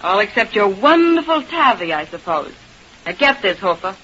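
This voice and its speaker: A woman playing a sharp-tongued young dancer who answers with tart wisecracks, in 1930s radio acting. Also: medium pitch, sing-song, normal speed. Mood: jealous. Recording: lo-fi old radio recording with faint hiss.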